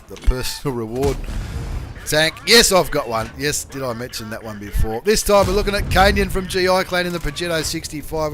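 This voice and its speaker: A man hosting a game channel, commentating replays in a chatty, slangy way and bursting into excited shouts and swearing. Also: mid-range voice, a little hiss or hum.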